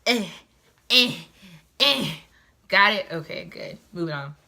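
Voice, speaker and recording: A young woman giving a casual, chatty book review, sassy and animated with lots of asides. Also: medium pitch, slow pace, creaky.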